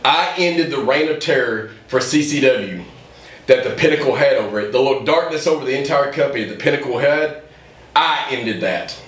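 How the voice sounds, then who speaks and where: A man's voice: medium pitch, normal speed, distant mic. A man, a pro wrestler, giving an intense promo interview that grows heated. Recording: roomy echo, voice off-mic.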